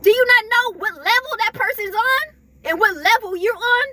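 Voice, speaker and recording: A woman's voice: very high-pitched, normal speed, background noise. A woman giving an emphatic, repetitive spiritual pep talk to her viewers, chuckling between points. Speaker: spiritual vlogger.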